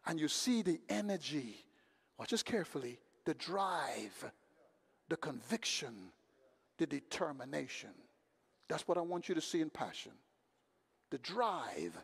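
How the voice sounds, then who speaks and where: A man with a very high voice preaches in a church. He tells folksy stories with acted-out asides. He builds from hushed stretches to loud, shouted climaxes. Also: vocal fry. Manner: preaching with swings from quiet to loud, shouting at peaks. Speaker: pastor. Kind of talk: sermon. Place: church sanctuary.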